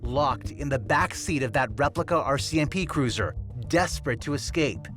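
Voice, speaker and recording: A man from Canada, a news anchor, reading measured, grave documentary narration. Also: a little high, expressive, fairly bright tone. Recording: voice-over with music bed.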